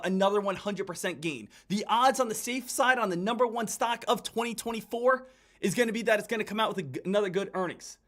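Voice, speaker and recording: A man with a high, light voice talks viewers through a live trade, urgent and repetitive. He keeps calling them guys and stresses his points over and over. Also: a bit bright. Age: adult. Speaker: day trader hosting a livestream. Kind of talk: live market commentary.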